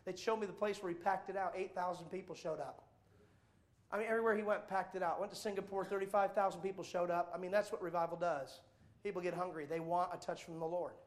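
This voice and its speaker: A middle-aged man preaches with animated, emphatic storytelling. His voice sits remarkably high for a man. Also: quick pace. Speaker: evangelist. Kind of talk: sermon.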